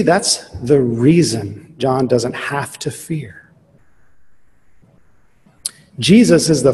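A man preaching a sermon, earnest and emphatic, slowing down on key phrases. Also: a little high, darkish tone. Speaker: pastor. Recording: long reverb of a large hall.

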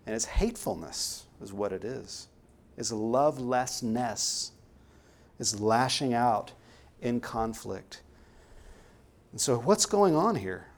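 An earnest man preaching a sermon at an ordinary middle pitch. He leans hard on the words he wants to land and pushes the point home. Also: animated, takes it slowly, pauses often. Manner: earnest, emphatic, rising to stress key words.

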